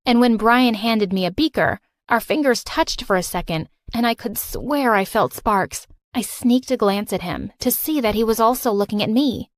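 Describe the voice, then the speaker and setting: A woman narrating a first-person animated story with expressive, exasperated storytelling. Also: a little high, dry recording, clean studio sound.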